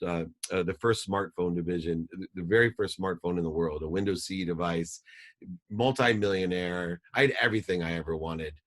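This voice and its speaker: Podcast guest, man in his 50s, lowish voice, quick emphatic storyteller who repeats lines for punch. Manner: fast, emphatic, repeats phrases for effect. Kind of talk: personal storytelling in an interview.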